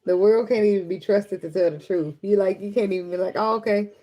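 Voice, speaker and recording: A woman giving a casual tarot reading, joking and swearing freely and singing along softly between cards. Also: mid-range voice, steady tone, fairly quick. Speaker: tarot reader.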